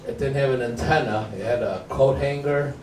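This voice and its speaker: A man's voice: mid-range voice, fairly even intonation, moderate pace, crowd noise. A man from Mexico whose first language is Spanish, nervously chuckling through an open-mic stand-up set in a small comedy club. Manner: nervous, chuckling between jokes. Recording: roomy club recording from far off. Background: audience laughter.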